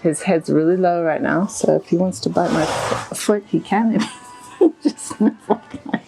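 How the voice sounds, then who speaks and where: A woman talks through her horse bodywork live, calling out each hand position and stroke as she makes it in a chatty, easygoing way. Her voice sits low and has a gravelly edge. Soft music plays faintly in the background. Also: normal speed, poor audio. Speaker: equine bodywork practitioner. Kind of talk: live narration of a hands-on technique. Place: with a horse, in a stable or yard.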